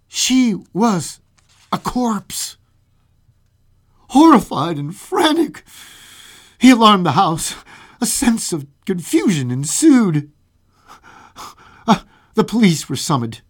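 A radio host giving a dramatic reading of a classic ghost story, with playful spooky asides. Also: mid-range voice.

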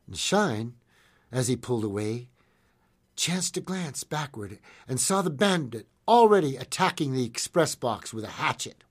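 Animated folksy male storyteller. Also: a little high. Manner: folksy, dramatic, chuckles at his story. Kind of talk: old-west history storytelling.

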